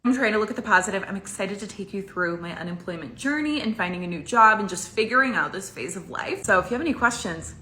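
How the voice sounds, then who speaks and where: A woman's voice: mid-range voice, lively intonation, fast talker, hardly any pauses, sharp tone, slight background noise. A young woman vlogging casually, chatty and smiling while she talks about being stressed. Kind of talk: casual selfie vlog.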